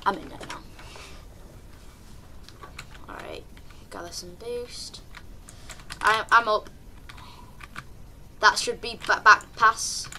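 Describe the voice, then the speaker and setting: A young woman, chatting through live gameplay commentary with sudden excited yelps and calls to her teammates. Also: medium pitch, takes it slowly, pauses often, a little hiss or hum. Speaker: streamer.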